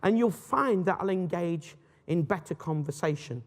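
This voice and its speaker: Speaking at a moderate pace in a large hall, a high-voiced man delivers a lesson on apologetics. The lecture is relaxed and animated, and he regularly stops to fix his own phrasing mid-sentence.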